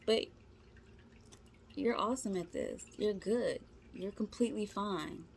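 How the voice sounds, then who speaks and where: A woman's voice: mid-range voice, unhurried, gravelly, slight background noise. A woman giving a casual tarot reading, talking to her viewers in a chatty, slangy, encouraging way. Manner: slangy, informal speech. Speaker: tarot reader.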